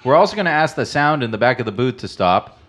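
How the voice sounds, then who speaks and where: A man hosting a casual podcast around a table, talking into a studio mic with headphones on. His voice sits at an ordinary middle pitch but swings widely as he jokes and riffs. He keeps the banter loose and playful. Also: fast talker. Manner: animated, mock-announcer bits. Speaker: podcast host.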